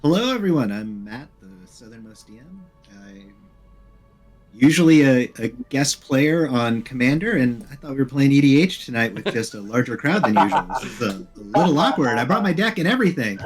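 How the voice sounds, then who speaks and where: Game master guy, mid pitch, deadpan dry jokes. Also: moderate pace, breathy edge, soft background music. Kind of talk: casual chat.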